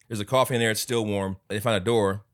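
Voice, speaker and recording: A man's voice: lowish voice, brisk. A man co-hosting a podcast, casually retelling a film's scenes and acting out the characters' lines. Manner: animated retelling with acted-out character quotes. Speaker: podcast co-host. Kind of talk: casual movie review chat.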